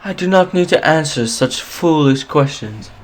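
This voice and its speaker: A man's voice: a little high, animated, normal speed, a little hiss or hum, pitched above the performer's own voice, close to an everyday voice. A man voicing a haughty male noble who talks down to everyone in a pompous tone.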